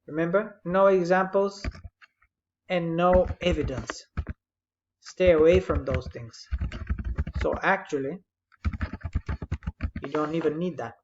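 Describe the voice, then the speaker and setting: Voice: mid-range voice, slow, long pauses. Brief: patient writing tutor giving feedback on a summary, slightly dull lo-fi recording with faint background noise. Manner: patient, explanatory, gently correcting. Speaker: English writing teacher.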